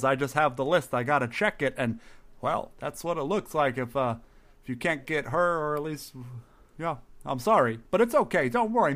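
A man voicing a pushy, jolly Santa in a fantasy bar, with a booming ho-ho laugh and a stammering, hammy delivery. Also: a bit bright. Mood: awkward.

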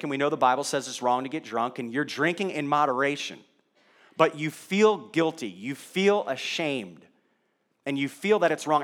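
A man's voice: a little high, a bit bright. A male pastor preaching a sermon in a conversational way, asking the congregation rhetorical questions.

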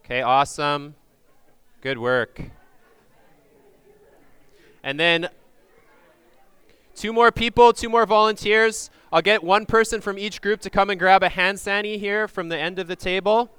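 A man leading a group through a Passover meal, giving loud instructions into a microphone and checking in with frequent "okay?"s. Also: high-pitched, a little slow, long pauses, clean tone, no room sound. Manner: projects loudly into a microphone. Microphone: handheld or stand microphone.

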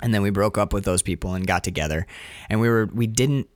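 A man's voice: on the low side, quick pace, dry recording, studio quality. A man hosting a casual chat about a film, telling stories in a loose, rambling way and slipping into playful voices for the people he quotes. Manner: animated storyteller, jumps into playful quoted voices; loose, rambling delivery with restarts.

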